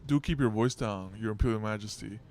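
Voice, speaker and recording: A man voicing a cold, scheming priest in a game story, reading in a cool, measured way. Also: fairly low pitch, darkish tone, lightly acted. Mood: coldly menacing.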